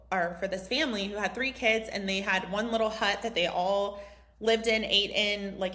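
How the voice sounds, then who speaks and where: A woman in her thirties from the United States, a mindset coach telling a personal story in a casual, chatty way, full of "like" and "um". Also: mid-range voice. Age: 30s. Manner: chatty, heavy use of "like" and "um", animated retelling. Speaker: mindset coach hosting a group session.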